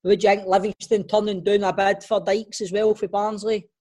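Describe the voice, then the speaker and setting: Scottish man, podcast co-host, chummy animated football banter. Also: high voice, fairly quick. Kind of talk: casual football chat.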